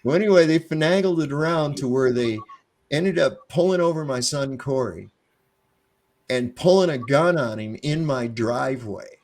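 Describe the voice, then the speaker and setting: A man's voice: medium pitch, animated, normal speed. A middle-aged man telling a story in casual conversation, swearing freely and acting out both sides of a confrontation in a defiant tone. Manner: profane, defiant, acts out both sides of the exchanges.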